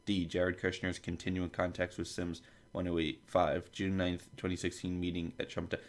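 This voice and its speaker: A man's voice: low-pitched, steady tone, moderate pace. A man hosting a podcast, reading a long table of contents aloud, stumbling over foreign names and making asides. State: dry throat, coughing. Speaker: podcast host.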